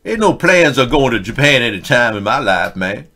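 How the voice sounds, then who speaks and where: A man's voice: mid-range voice, very animated, normal speed, bright, forceful tone. A man hosting a casual political commentary livestream, reading chat with rambling, sarcastic asides.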